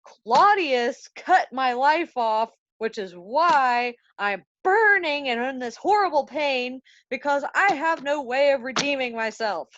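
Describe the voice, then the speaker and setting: A woman's voice: sits high, expressive, a bit bright, exaggerated voice. A woman voicing a vengeful king's ghost. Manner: casual modern slang, slow dramatic emphasis. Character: ghost of a dead king, vengeful, grumbling. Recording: dry, dull lo-fi sound.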